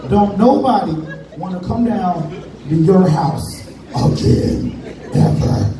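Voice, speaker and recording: A man's voice: high-pitched, very animated, takes it slowly, warm tone, a little hiss or hum. A man doing a stand-up comedy set, telling a story with casual Southern US slang. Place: comedy club stage. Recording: echoey room from far off, crowd.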